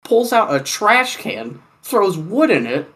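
A man from Kansas telling a story in casual chat, animated and profane, with lots of "like" fillers. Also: high-pitched, slow pace, creaky.

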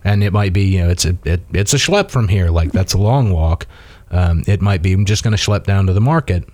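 A man's voice: low voice, animated, fairly quick, darkish tone, no echo. A man from Mississippi chatting casually as a guest, telling rambling stories with many fillers and restarts. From Mississippi, USA. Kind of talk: casual conversation.

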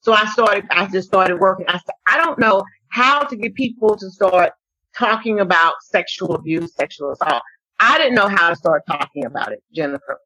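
A woman guest on an interview show telling her own story in a lively, conversational way, often acting out what people said. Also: mid-range voice, normal speed, breathy edge, no echo, low-quality recording. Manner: animated storyteller, acts out quotes. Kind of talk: conversational testimony.

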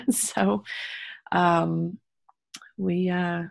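A woman's voice: lowish voice, fairly even intonation, extremely slow, creaky, dry recording, clean studio sound. A woman from Texas telling a personal story in a casual interview, rambling with many ums and restarts and sincere talk of faith. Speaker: guest telling her story.

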